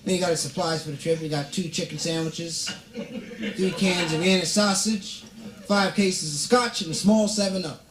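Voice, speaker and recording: A man doing stand-up comedy, telling a story with playful, deadpan asides and drawn-out punchlines. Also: sits high, crowd noise. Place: stage before a live audience. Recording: roomy live stage recording, audience laughter.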